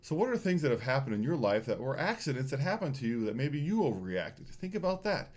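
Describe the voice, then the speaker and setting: A man telling students a personal story in a morning school address, animated and full of fillers. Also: mid-range voice, fast.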